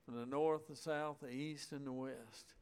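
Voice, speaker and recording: A man preaching a sermon, reading scripture aloud and explaining it in a folksy, deliberate way, stretching out words for emphasis. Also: mid-range voice, steady tone, clear, resonant tone.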